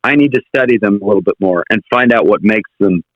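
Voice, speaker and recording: A man's voice: fairly low pitch, quick pace, dry recording, lo-fi sound. An American man talking as a guest in a casual interview, reflective and circling back to rephrase his points. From United States. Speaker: guest impressionist.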